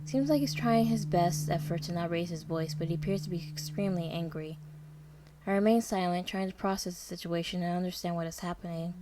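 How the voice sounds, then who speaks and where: A woman narrating a dark story in the first person, with a dramatic, tense and fearful delivery. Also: lowish voice, a little fast. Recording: noisy background hiss.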